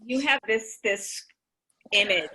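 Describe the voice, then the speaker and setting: A woman interviewing for an oral history, asking gentle prompting questions and affirming the speaker. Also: fairly high pitch, expressive, takes it slowly, husky. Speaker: interviewer, academic.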